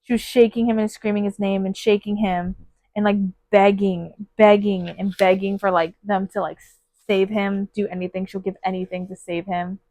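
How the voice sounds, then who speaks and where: A woman's voice: medium pitch, little pitch movement, normal speed, mellow, dry recording. A woman giving a casual, gushing book review on her phone, full of fillers and emotional asides. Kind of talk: casual spoiler book review with read-aloud passages.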